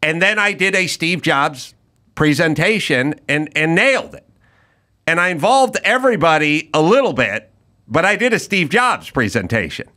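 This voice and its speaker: A man's voice: a little high, normal speed. A middle-aged man hosting a podcast, telling a story in casual chat and acting out the people in it. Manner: animated storyteller, acts out quoted people. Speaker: podcast host.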